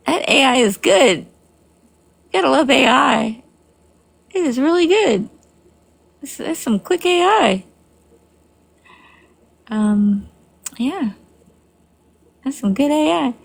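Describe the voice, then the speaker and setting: A woman's voice: high-pitched, expressive, slow pace, gravelly, pauses often. A woman hosting a livestream, chatting casually and rambling with restarts. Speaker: livestream host.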